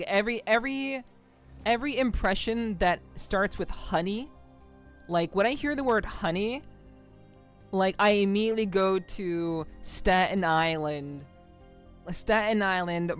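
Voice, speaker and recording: A woman's voice: medium pitch, a little slow, clean tone, soft background music. A woman streaming a game, chatting casually and reading text aloud, rambling a bit with restarts. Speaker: VTuber streamer.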